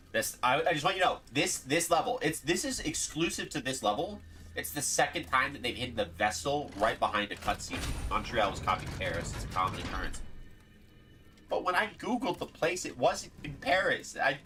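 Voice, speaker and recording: Game streamer chatting live, pitch jumping all over, bright tone, jokey and fed up. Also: moderate pace, husky. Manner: animated, playfully exasperated, laughs often. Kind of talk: casual live gameplay commentary.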